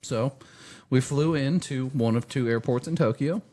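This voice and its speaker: A man's voice: mid-range voice, moderate pace, mellow. A man hosting a casual podcast chat, telling the story of his trip. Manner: chatty, storytelling trip recap. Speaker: podcast host.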